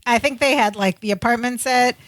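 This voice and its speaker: A woman's voice: a little high, brisk, a bit bright, no room sound. A woman co-hosting a casual podcast, animatedly retelling sitcom scenes with frequent laughs. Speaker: podcast co-host. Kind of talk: casual sitcom recap chat.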